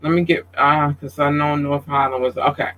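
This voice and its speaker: A fairly high-voiced man with a drawl chats loosely on his livestream. He talks with open emotion, plain-spoken and cursing freely, in an animated, heart-on-sleeve way. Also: moderate pace, slight background noise, low-quality recording. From Georgia, USA. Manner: emotional, outspoken, profane, animated. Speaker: livestream host. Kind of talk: casual livestream chat.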